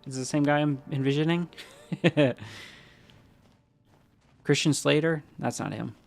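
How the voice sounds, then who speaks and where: While playing a video game on stream, a man with a voice on the high side, a little slow and with vocal fry, chats casually. He rambles, responds to chat and cracks jokey asides, sounding stuffy-nosed from allergies.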